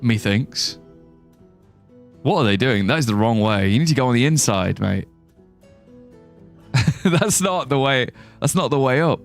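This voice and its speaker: A man's voice: mid-range voice, expressive, measured pace, pauses often. Young guy streaming a game, chatty and rambly, voice bounces up and down a lot, faint music under him. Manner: chatty, rambling, reads chat aloud and jokes. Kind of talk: casual live-stream gameplay commentary.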